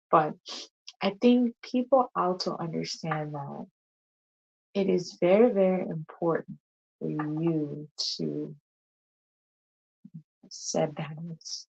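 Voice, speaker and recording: Woman host chatting w listeners, lowish voice, lots of questions, muffled lo-fi recording. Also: gravelly, a little mellow, breathy edge. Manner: conversational, asks rhetorical questions, addresses audience as y'all. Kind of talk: casual chat to listeners. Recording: dull lo-fi sound.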